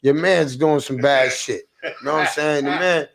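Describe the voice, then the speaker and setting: A man with a high-pitched, gravelly voice tells a comic story as a rant. He is animated and profane, and he keeps checking in with "you know what I'm saying". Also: moderate pace, a crowd in the background.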